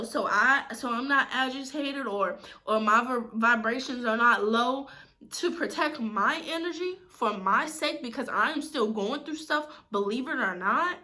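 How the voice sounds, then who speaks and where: A young woman with a bright, fairly high voice vents straight to the camera in a casual, slangy way. She sounds hurt and fed up, close to tears, and keeps circling back and repeating her points with emphasis. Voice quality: casual slangy speech with swearing. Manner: upset, emphatic, repeats herself, on the edge of tears. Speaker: vlogger. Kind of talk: emotional venting to camera.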